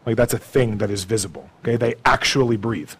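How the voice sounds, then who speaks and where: A man preaching a sermon in a conversational way, tagging his points with "okay?" and "right?", moving between soft, low asides and raised, emphatic lines. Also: brisk, gravelly, slightly rough, poor audio. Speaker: pastor.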